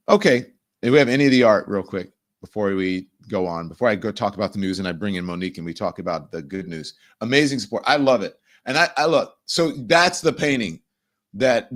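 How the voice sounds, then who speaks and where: A middle-aged man with a somewhat low voice hosts his own show in a loose, rambling way, full of fillers and warm gushing. When he turns to the news he grows emphatic and indignant, leaning hard on key words. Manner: chatty and effusive, rambling with fillers, rising to emphatic outrage. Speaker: show host. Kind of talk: casual chat turning to news commentary.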